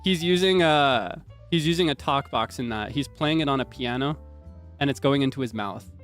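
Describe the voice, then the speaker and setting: A man's voice: mid-range voice, normal speed, fairly bright tone, faint music behind. A young man streaming, chatting casually and explaining things in a rambling way with lots of restarts.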